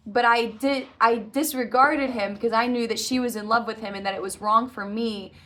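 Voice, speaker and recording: A woman's voice: medium pitch, fairly bright tone. Earnest woman recounting a vivid dream. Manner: earnest, rambling, self-correcting with frequent "like" and "uh". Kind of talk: casual storytelling monologue.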